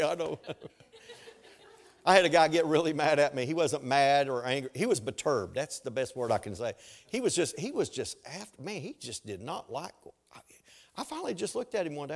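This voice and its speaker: Storytelling preacher man, slightly high voice. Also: lively intonation, fairly quick, creaky. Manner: storytelling with humor and asides to the congregation. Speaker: pastor. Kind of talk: sermon.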